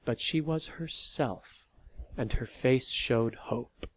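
Slow, measured story narrator. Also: mid-range voice. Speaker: narrator of a serialized audio story. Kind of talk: scripted narration.

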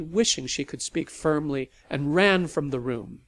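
A man narrating a novel in an expressive storytelling manner. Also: on the high side, measured pace, hardly any pauses, no room sound. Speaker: audiobook narrator. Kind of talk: scripted narration.

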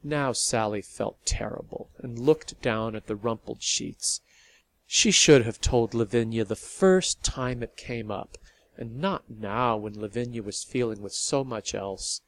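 A man reading a story aloud in a steady, measured narration. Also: medium pitch.

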